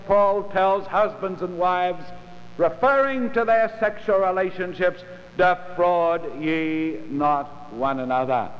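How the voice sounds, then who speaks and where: A man preaching a sermon in a measured, emphatic way, with dramatic pauses between phrases. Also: high-pitched. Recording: lo-fi recording in a large reverberant hall.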